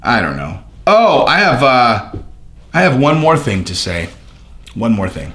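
A man's voice: medium pitch, a little slow, echoey room. A man ranting casually about fighting news, swearing freely and acting out both sides of imagined conversations. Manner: profane, animated, acts out both sides of conversations. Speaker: MMA commentary YouTuber.

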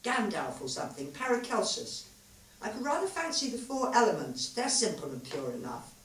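A woman reading aloud as a tipsy male physicist who muses and rambles in a lively way. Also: mid-range voice, normal speed, a little hiss or hum, pitched above the performer's own voice, lightly acted. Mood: musing. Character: rueful man, tipsy physicist, musing. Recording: roomy live hall, far mic.

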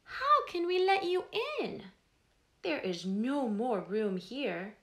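A woman voicing a small, kind and plucky ant in a storybook, speaking high and excited. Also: slow, reverberant, exaggerated voice. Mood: protesting.

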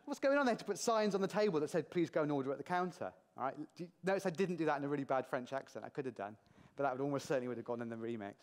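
A British man giving a lively, jokey conference talk to a large audience in a hall, asking the crowd questions as he goes. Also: mid-range voice, very fast. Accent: British English. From Britain. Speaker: conference speaker.

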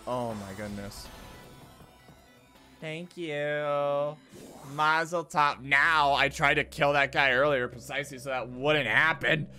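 A man's voice: fairly high pitch, takes it slowly, soft background music. A man streaming video games, commenting live, swearing often and slipping into silly voices. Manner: excitable, swears a lot, jumps into silly put-on voices.

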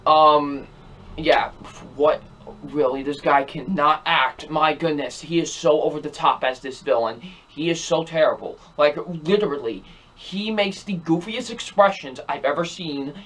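Young man, movie reviewer, exasperated rant, repeats himself, fairly high voice. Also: unhurried, a bit bright. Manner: repetitive, exasperated, emphatic. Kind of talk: ranting film review.

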